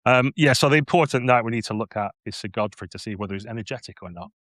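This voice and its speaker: A man's voice: medium pitch, quick pace, a bit bright, dry recording, studio quality. A man narrating as game master of a tabletop game, playful and descriptive, with frequent restarts.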